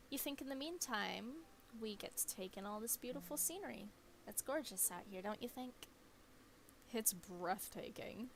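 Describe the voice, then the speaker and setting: A woman's voice: a little high, creaky, slight background noise. Woman reading a friendly young cryptid hunter. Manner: friendly, easygoing line reading.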